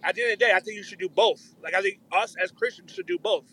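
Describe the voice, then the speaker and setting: A man's voice: high-pitched, very animated, fast talker, vocal fry, bright, forceful tone, rough recording. A man calling into a casual Christian discussion who apologizes often and repeats himself.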